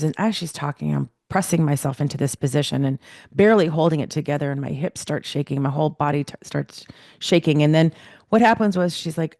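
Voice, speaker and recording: Middle-aged woman with a gravelly fry. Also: low voice, fairly quick, dry recording, studio quality. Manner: animated storytelling, acting out remembered dialogue. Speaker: guest. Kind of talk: personal storytelling in a podcast interview.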